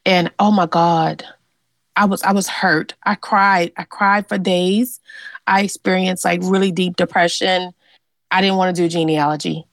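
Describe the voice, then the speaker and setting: A Louisiana woman who works as a genealogist speaks in an interview, earnestly and animatedly recounting a personal story about her family and ancestors, with filler words. Her fairly low voice keeps a measured pace in a low-quality recording with no echo.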